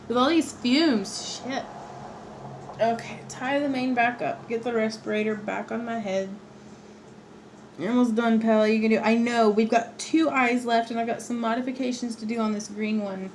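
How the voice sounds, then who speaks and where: A woman's voice: on the high side, steady tone, measured pace, long pauses, slight background noise, rough recording. A woman hosting a craft livestream from her home workspace, chatting playfully and laughing often as she works. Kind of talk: chatty livestream while working.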